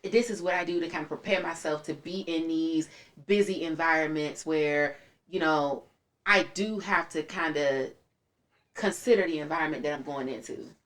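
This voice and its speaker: A woman hosting a podcast, chatting casually, supportive and asking questions in a relaxed way. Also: deep voice, moderate pace. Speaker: podcast host. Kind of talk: casual chat.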